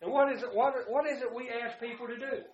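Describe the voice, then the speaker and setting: High-voiced fervent preacher, lo-fi. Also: male voice, fairly even intonation, fast, echoey room. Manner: fervent, swings between loud outbursts and hushed asides. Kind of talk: sermon. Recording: dull lo-fi sound.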